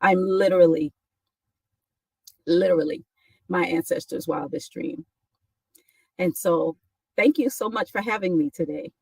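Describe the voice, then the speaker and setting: A woman's voice: fairly low pitch, measured pace, long pauses, darkish tone, husky, dry recording, far from the mic, poor audio. A woman from New York, a guest on a talk show, speaking reflectively with many restarts and "right?" asides. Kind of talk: casual conversation.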